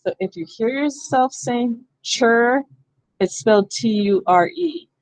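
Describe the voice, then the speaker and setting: A woman's voice: fairly high pitch, expressive, a little slow, darkish tone, no echo, rough recording. A woman training teachers in a hands-on reading workshop, explaining step by step and thinking aloud. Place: school room.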